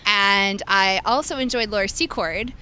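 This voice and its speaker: Wry nerdy woman on the street, bright edgy voice, faint noise around. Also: medium pitch, normal speed. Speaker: interviewee. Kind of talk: casual chat.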